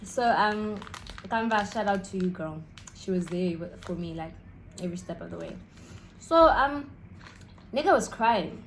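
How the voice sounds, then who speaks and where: A woman's voice: medium pitch, animated, measured pace, pauses often, slight background noise, rough recording. Chatty South African woman vlogger. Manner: chatty, rambling, eating snacks while talking. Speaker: YouTuber. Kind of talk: casual storytelling vlog.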